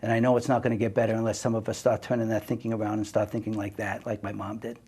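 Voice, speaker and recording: Swinging from forceful to hushed, an older man from the U.S. speaks emphatically in a heartfelt personal monologue. He talks fast in a lowish, creaky, husky voice with little pitch movement.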